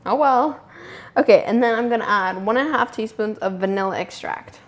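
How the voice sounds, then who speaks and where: Her voice sits a little high and moves a little fast. She's a young woman narrating a relaxed baking video from her kitchen, chatty and tickled by her own remarks as she works.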